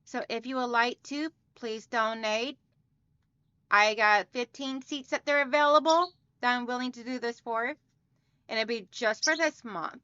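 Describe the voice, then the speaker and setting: A woman's voice: a little high, measured pace, pushed and bright, clean tone, dry recording. A woman hosting a quilting livestream from home, chatty and upbeat, greeting viewers by name and reading out their comments. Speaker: livestream host of a quilting channel. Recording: dry, slightly dull home recording.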